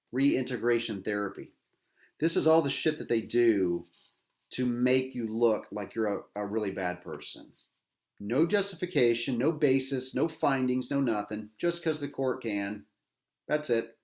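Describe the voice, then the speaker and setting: A middle-aged veteran man at a mid pitch rants in open anger. His talk is bitter and profane, circling back on itself and pressing the listener with questions. He sounds agitated throughout. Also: darkish tone. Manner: bitter, profane, repetitive, with rhetorical tags. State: agitated, angry. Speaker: veteran podcast host. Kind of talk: angry personal rant.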